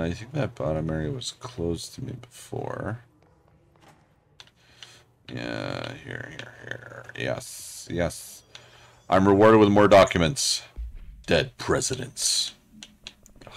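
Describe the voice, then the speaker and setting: A man's voice: deep voice, huge pitch swings, slow pace, gravelly, pauses often. A man hosting a let's play, giving casual gameplay commentary with sarcastic jokes and frequent swearing. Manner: joking, sarcastic, swears a lot.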